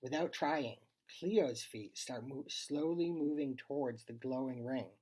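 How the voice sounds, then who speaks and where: Storybook reader, husky, expressive, acts out the lines, mid pitch. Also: measured pace. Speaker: reader of a child's short story. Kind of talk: storybook read-aloud.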